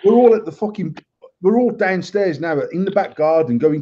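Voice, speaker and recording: Higher-voiced man, dark dull sound. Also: normal speed, slightly rough. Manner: swears freely, rambling anecdotes. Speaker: podcast co-host. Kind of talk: casual storytelling. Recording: dull lo-fi audio.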